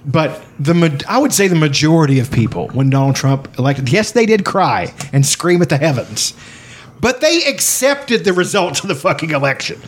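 A man co-hosting a podcast, chatting casually with animated, profane banter and frequent laughter. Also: on the high side, normal speed. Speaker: podcast co-host. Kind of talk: casual chat.

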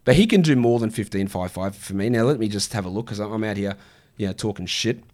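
A man's voice: fairly low pitch, fast talker, a little mellow. A man in his thirties hosting a casual fantasy basketball stream, answering viewer questions in a blunt, exasperated way with plenty of swearing. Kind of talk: casual livestream Q&A.

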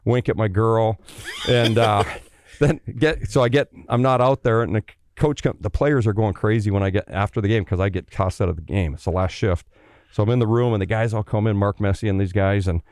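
This is a middle-aged man from Canada with a fairly low voice, recorded close on a dry mic. He tells his stories in a loose, animated way, swearing freely. He slips into the voices of the people he quotes. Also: brisk, no echo. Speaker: guest, former pro hockey player. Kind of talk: casual storytelling.

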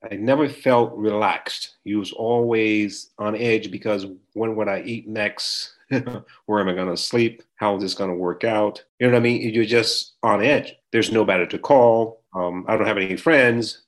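A man's voice: lowish voice, measured pace. A man in his sixties being interviewed, telling his life story with emotion and acting out the people in it. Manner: emotional, animated storyteller who acts out quotes. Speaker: interview guest.

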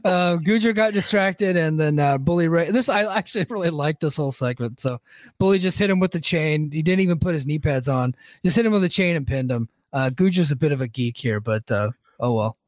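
A man hosting a casual wrestling recap podcast, relaxed, laughing often and swearing. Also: fairly high pitch, normal speed, no echo, clean studio sound. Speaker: podcast host recapping a show.

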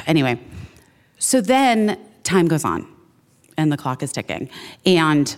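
Animated woman podcast host, lively pitch. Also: a little slow, creaky, pauses often. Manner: animated, laughing, swearing, acting out quotes. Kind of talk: casual storytelling chat.

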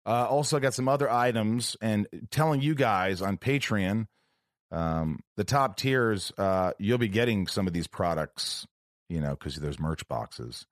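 A man's voice: fairly low pitch, expressive, measured pace, no echo, studio quality. A man hosting his own podcast alone, chatting in a rambling, jokey way. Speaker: podcast host. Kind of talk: casual solo podcast chat.

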